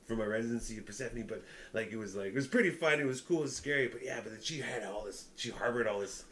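A young man telling a rambling, animated story in casual chat, often breaking into laughter. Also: mid-range voice, fast, slight background noise. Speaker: podcast co-host, comedian.

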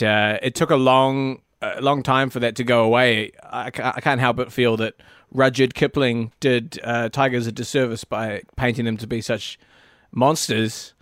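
A man co-hosting a casual comedy podcast, making dry deadpan quips. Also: medium pitch, no room sound. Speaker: podcast co-host.

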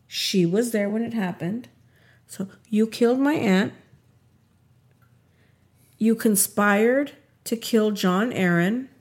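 Unhurried woman retelling a story. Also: mid-range voice. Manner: animated retelling, acts out quotes. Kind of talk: casual podcast recap.

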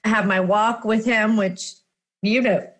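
A woman chatting casually, telling a story with lively acted-out exclamations. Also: medium pitch, takes it slowly. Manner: animated storytelling, acting out her own exclamations. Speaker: guest. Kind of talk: casual chat.

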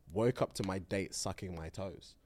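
A man's voice: low-pitched, a little slow. A young man from co-hosting a podcast, reading listener submissions aloud in playful banter. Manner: reads lines aloud then laughs, lively and playful. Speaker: podcast co-host.

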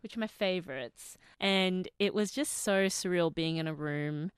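A woman's voice: lowish voice, normal speed, smooth, dry recording, clean studio sound. A young Australian woman, a podcast guest, telling stories in casual chat and laughing often. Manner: animated storyteller, laughs often.

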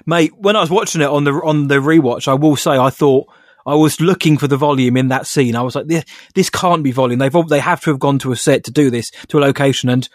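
A man co-hosting a podcast, chatting and telling stories in a relaxed way. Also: a little high, quick pace, no echo, studio quality. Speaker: podcast co-host. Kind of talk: casual chat.

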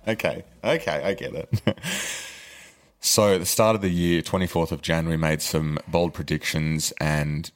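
A man's voice: a bass voice, fairly even intonation, a little slow. An Australian man hosting a casual investing podcast, upbeat and jokey with easy laughs and fillers. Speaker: podcast host.

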